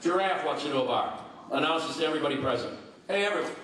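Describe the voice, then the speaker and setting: A man's voice: fairly high pitch, quick pace, a bit bright. A man, a police chaplain, telling one-liner jokes and teasing the audience at a banquet. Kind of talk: stand-up joke telling. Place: large banquet hall with a laughing crowd. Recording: echoey hall, heavy crowd noise, far off.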